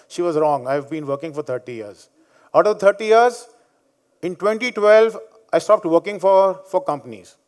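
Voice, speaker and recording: Speaking at a conference before a live audience, a man in his fifties with an Indian English accent uses a fairly high, smooth voice. His talk is built on personal anecdotes, told bluntly, combatively and with jokes.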